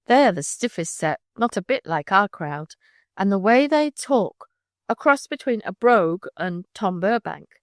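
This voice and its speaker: A woman reading aloud as a lively, irreverent schoolgirl who talks briskly and teasingly. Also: mid-range voice, no room sound, studio quality, natural voice.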